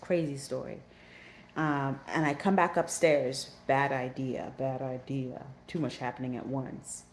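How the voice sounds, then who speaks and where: A woman vlogger casually telling a story from her own life, animated and repeating herself as she recounts the panic. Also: a bass voice, a little slow, slight background noise. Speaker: aquarium hobbyist vlogger.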